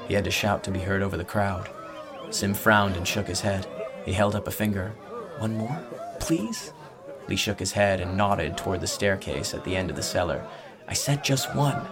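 A man reading a fantasy audiobook as narrator, with measured, dramatic storytelling. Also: sits low.

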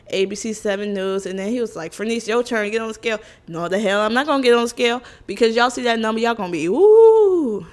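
A young woman vlogger talks to the camera in a casual, comedic chat, telling funny stories about her family. Her medium-pitched delivery is animated and blunt, full of exclamations, laughs and cursing.

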